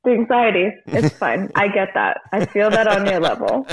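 A woman who works as a bartender, co-hosting in casual chat, telling animated stories, acting out quotes and swearing freely. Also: mid-range voice, moderate pace, breathy edge, poor audio. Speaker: bartender, podcast co-host.

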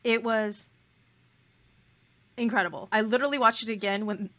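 A woman's voice: fairly high pitch, fairly even intonation, moderate pace, fairly bright tone. A woman co-hosting a podcast in casual chat. She gushes with emphatic, playful exaggeration. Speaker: podcast co-host.

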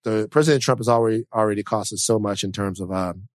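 A man's voice: lowish voice, fast, no echo. Man, emphatic podcast co-host. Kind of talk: casual political chat.

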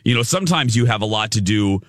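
A man hosting a radio show, telling an animated, rambling story with frequent restarts. His pitch swings up and down a lot as he talks. The studio sound is close and dry. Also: quick pace, dry recording. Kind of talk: casual on-air chat.

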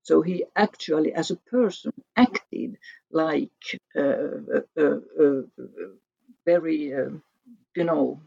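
A woman guest author explaining her research chapter in an academic interview, measured with restarts. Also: low voice, gravelly, warm tone, husky, dry recording, highs cut off.

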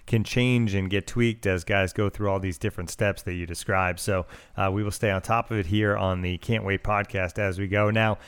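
Low-voiced man hosting a podcast. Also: fairly even intonation, moderate pace, few pauses, clean tone, no echo. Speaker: podcast host. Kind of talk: casual podcast chat.

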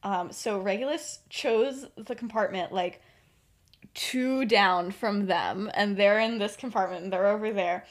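A woman's voice: medium pitch, a little slow. A woman co-hosting a podcast, telling a story in casual chat with lots of fillers and frequent giggles. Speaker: podcast co-host.

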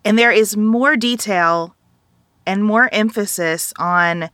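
A woman's voice: mid-range voice, slow, fairly bright tone, no room sound. A woman guest on a book-review podcast, speaking thoughtfully and a little hesitantly. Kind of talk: casual book-review chat.

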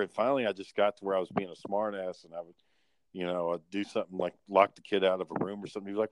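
A man's voice: lowish voice, fairly even intonation, fairly quick, a little hiss or hum, low-quality recording. A man chatting casually on a podcast, rambling and swearing, with many fillers. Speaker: podcast co-host. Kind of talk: casual chat.

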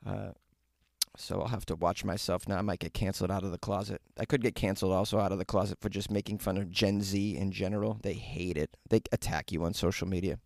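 A man's voice: deep voice, steady tone, fast talker, gravelly, no echo, studio quality. Wry man riffing on news. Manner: wry, mocking, laughs often. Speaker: comedian podcast host. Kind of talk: casual comic news commentary. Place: small closet.

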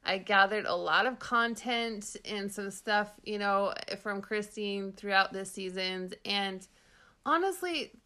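A woman co-hosts a laid-back podcast and talks in a bubbly, emphatic, gushing way. She speaks at a middling pitch for a woman. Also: slow, bright, forceful tone, clear, resonant tone. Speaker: podcast co-host. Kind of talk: casual chat.

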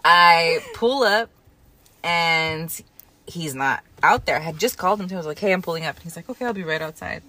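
A young adult woman co-hosting a podcast, telling a story in a casual, animated and profane way. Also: lowish voice, fairly quick. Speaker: podcast co-host. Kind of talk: casual chat.

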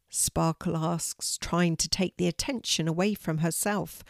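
An older woman narrating a children's story in a calm, steady storytelling manner. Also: low voice, a little slow, creaky, hardly any pauses, dry recording, studio quality.

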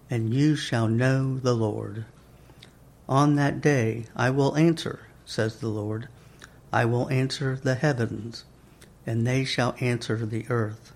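A man reading a scripture passage aloud in a deliberate liturgical style. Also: medium pitch, darkish tone. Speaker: scripture reader.

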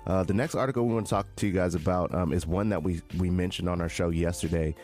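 Male co-host, very low voice, easygoing and halting delivery, faint music behind. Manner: relaxed, hesitant, repeats "you know what I'm saying". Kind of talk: casual crypto news chat.

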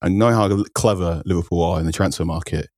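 A man's voice: low voice, quick pace, a little mellow, dry recording. A man, a football writer guest, explaining transfer ideas in detail and acting out quotes. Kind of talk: analytical football chat.

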